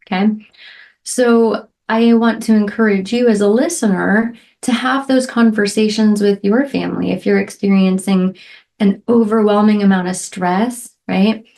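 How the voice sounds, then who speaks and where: A middle-aged woman talks alone on her podcast in an earnest, reflective way. She keeps checking in with "right?" and fills pauses with soft "um"s. Her voice sits at an ordinary pitch for a woman. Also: steady tone, creaky. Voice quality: emotional, near tears at moments. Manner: heartfelt, frequent "right?" and "um" fillers. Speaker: podcast host. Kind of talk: reflective solo podcast talk.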